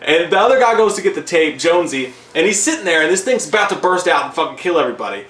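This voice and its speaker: A man's voice: a little high, sing-song, fast, fairly bright tone. A man casually retelling a movie's plot, swearing freely and laughing along. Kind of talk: casual movie review chat. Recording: echoey room.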